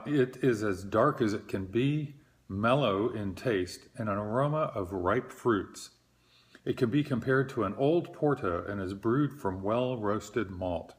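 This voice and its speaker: A middle-aged man hosting his own beer review show, talking in an unhurried, hesitant way with many fillers and a self-deprecating tone. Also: lowish voice. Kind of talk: casual solo beer review.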